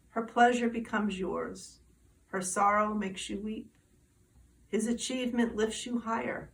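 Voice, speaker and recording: A woman reading her poem aloud in a slow, deliberate way. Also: medium pitch, gravelly, fairly bright tone. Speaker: poetry reader. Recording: distant mic, faint background noise.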